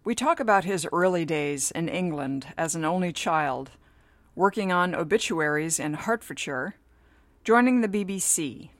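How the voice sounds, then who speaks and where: A woman's voice: fairly low pitch, no echo. A woman, the host, reading a scripted introduction to her interview show. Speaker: podcast host.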